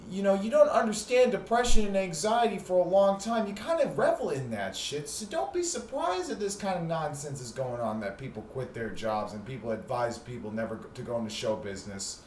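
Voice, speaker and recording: A man's voice: sits high, animated, brisk, a little mellow. A man hosting a heated, profane, sarcastic ranting monologue. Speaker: host. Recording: echoey room with faint noise.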